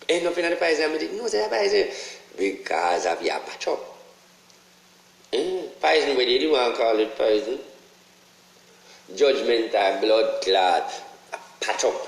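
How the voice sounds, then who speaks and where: Swearing, preachy Jamaican man in echoey room. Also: creaky. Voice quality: profane, repetitive, swings high when stressing points. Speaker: online ranter. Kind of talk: casual preachy monologue.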